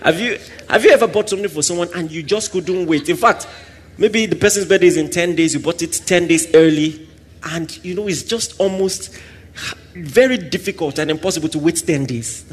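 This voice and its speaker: A man preaching a sermon, swinging between loud exclamations and soft asides and acting out little scenes. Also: sits high, brisk, husky. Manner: acts out little scenes with quoted voices and laughter.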